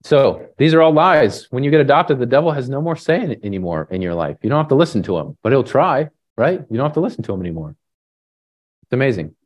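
A man preaching a sermon in a relaxed, conversational way, often tagging on "right?" and pausing with fillers. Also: mid-range voice. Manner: halting restarts and fillers. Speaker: pastor.

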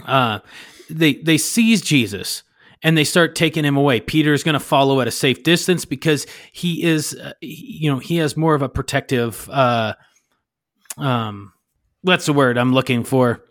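Podcast host, man, mid pitch, rambling scripture retelling, dry close sound. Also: normal speed, fairly bright tone, no room sound. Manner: rambling, searches for words, paraphrasing. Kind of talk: casual Bible discussion.

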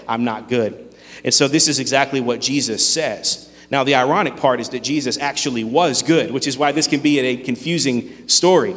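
A man preaching a sermon, earnest and emphatic, with dramatic pauses. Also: mid-range voice, big-room sound. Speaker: pastor.

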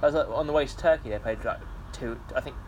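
A man's voice: mid-range voice, fast talker, darkish tone, slight background noise. Chatty man, rambling. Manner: chatty, rambling, laughs often. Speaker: podcast co-host. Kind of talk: casual chat.

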